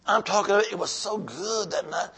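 A man preaching a revival sermon, exhorting the congregation and swinging from shouts to whispers. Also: high-pitched, moderate pace, husky. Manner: calls out to the congregation.

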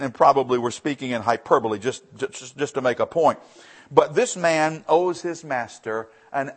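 A male pastor preaching a sermon, reading scripture aloud and then explaining it with emphatic repetition. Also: medium pitch.

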